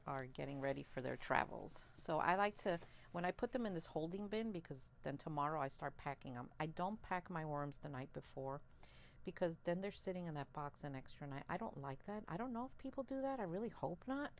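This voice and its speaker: A woman vlogging about her worms, chatty and excitable, laughing often, a little out of breath. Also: deep voice, slight background noise. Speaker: worm farmer and channel host. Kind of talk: casual chat to camera while handling worms.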